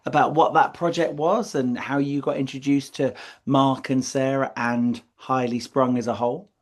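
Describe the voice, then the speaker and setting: A man hosting a podcast interview, hoarse from losing his voice, asking measured questions. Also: mid-range voice, fairly even intonation. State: hoarse, lost voice. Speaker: podcast host.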